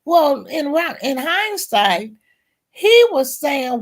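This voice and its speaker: A woman's voice: sits high, sing-song, slow pace. A middle-aged woman, a teacher advocate and guest at a round table discussion, telling her story bluntly and candidly.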